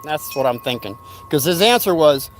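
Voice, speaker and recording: A man's voice: on the high side, moderate pace, slight background noise. An older man casually telling a rambling story from his youth, acting out what people said. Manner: rambling, animated retelling with acted-out quotes.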